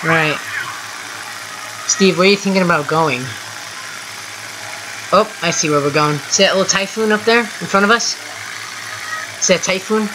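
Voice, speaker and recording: A gameplay host giving casual, excitable running commentary from home while chatting with a teammate. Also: medium pitch, normal speed, pauses often, noisy background. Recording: game music clearly heard underneath. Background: music from the game.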